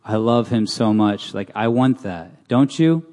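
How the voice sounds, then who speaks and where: A man's voice: fairly low pitch, animated, unhurried, dark tone. Man preaching in a reverberant hall. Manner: casual, asks the crowd questions. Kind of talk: conversational sermon. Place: church hall.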